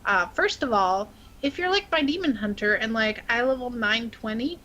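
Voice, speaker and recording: Woman, higher pitch, podcast co-host, chatty, runs through gaming tips. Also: expressive, pushed and bright, rough recording. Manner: chatty, rushes through a long tip. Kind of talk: casual gaming chat.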